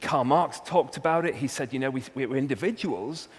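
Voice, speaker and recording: A man's voice: medium pitch, normal speed, breathy edge. A man with a Welsh accent, a university researcher giving a humorous talk and hitting key words with punchy emphasis. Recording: long hall reverb, faint hum.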